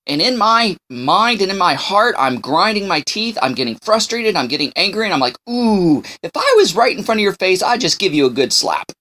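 A man's voice: high-pitched, bright, forceful tone. A man hosting a devotional show, speaking emphatically and repeating key lines for emphasis. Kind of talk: devotional talk.

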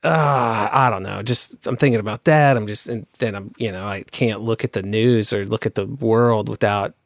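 A man co-hosting a podcast in casual chat, sad and weary, speaking haltingly with sighs. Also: on the low side, no room sound, studio quality. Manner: halting, sighing. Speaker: podcast co-host.

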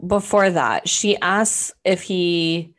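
A woman's voice: on the low side, takes it slowly. A young woman chatting casually on a podcast, recapping a show and peppering her talk with "like" and swearing. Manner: rambling, heavy on "like", swears freely.

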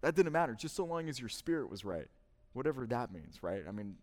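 A man's voice: mid-range voice, very animated, fairly quick, darkish tone. A man preaching a sermon, emphatic, his delivery swelling and dropping in intensity. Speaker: pastor. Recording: long reverb of a large hall.

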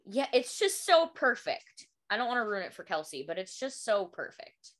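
A woman's voice: mid-range voice, sing-song, moderate pace, fairly bright tone. A woman co-hosting a casual book podcast, talking enthusiastically about a favorite story. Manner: enthusiastic, frequent "like" fillers. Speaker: podcast co-host.

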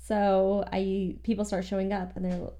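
A woman co-hosting a podcast, telling a story in an animated, self-mocking way. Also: mid-range voice, moderate pace. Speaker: podcast co-host.

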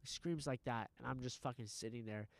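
A man in casual chat, telling a story in an animated, profane way with lots of fillers. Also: mid-range voice, moderate pace, gravelly, no echo.

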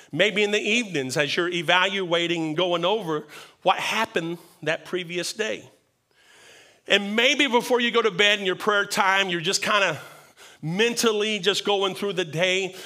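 Bright, high-voiced man preaching slowly. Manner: earnest preaching, repeats words for emphasis. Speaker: pastor. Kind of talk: sermon.

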